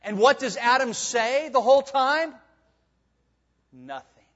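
A male pastor preaching a sermon in a church sanctuary, swinging between hushed and emphatic delivery. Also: extremely high pitch, slow pace. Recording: dull sound with long hall reverb.

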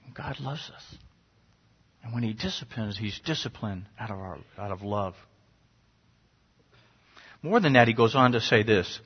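With a lowish, slightly rough voice and lively intonation, a middle-aged pastor preaches at a moderate pace and pauses often. The sermon is earnest and conversational, with sudden sharp rises for emphasis, on a dull lo-fi recording.

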